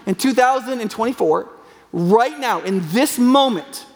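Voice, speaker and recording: A man's voice: very high voice, lively intonation, measured pace. A man preaching a sermon as a pastor, earnest and conversational, with frequent fillers and restarts. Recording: long hall reverb.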